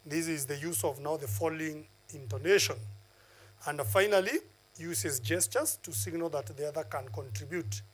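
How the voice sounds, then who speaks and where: A man gives a televised classroom lesson and counts off one numbered point after another. He pauses on filler uhs as he lectures. His speaking voice sits fairly high for a man. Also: husky, low-quality recording. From Kenya. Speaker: teacher.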